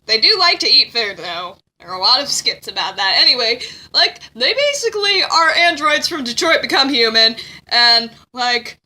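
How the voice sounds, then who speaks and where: Young woman rambling sarcastically through a game plot, high bright animated voice, phone mic. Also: moderate pace. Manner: rambling, sarcastic, full of "like" and swearing. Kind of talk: casual comedic recap. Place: indoors with a friend.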